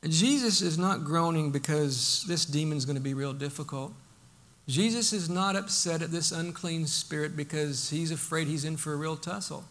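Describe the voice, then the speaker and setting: A man preaching a sermon, emphatic, acting out Bible quotes and dropping to a hush for his points. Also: a little high, normal speed. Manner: emphatic, swings from loud to hushed, acts out Bible quotes.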